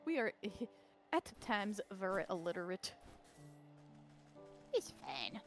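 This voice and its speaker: A woman chatting with a friend as she plays a video game, reacting to what she sees in a chatty, giggly way. Her voice sits at a middle pitch. Faint game music plays behind her. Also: big pitch swings, slow pace, gravelly. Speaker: game streamer. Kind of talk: casual gameplay chat.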